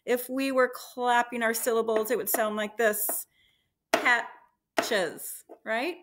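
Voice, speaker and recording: A woman teacher leading a slow, encouraging phonics lesson for young children, sounding out letters and blending words. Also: a little high, fairly even intonation, noisy background.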